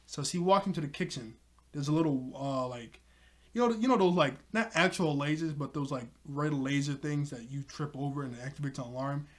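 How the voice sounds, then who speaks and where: A man who reviews TV episodes talks through a cartoon episode he just watched, his voice slightly raised, a little high and fairly quick. He rambles excitedly, piling up fillers as he retells scene after scene in a loose, casual recap.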